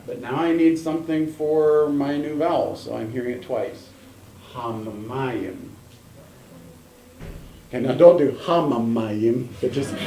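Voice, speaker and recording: A man's voice: medium pitch, a little mellow. Patient male teacher in echoey classroom. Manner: patient, coaching students syllable by syllable. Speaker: Hebrew teacher. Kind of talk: classroom instruction. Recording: echoey room, mic at a distance, faint noise.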